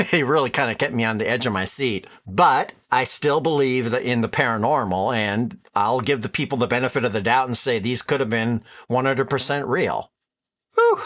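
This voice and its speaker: A man's voice: mid-range voice, a bit bright. An older man hosting a reaction video, chatting casually, musing aloud and laughing easily.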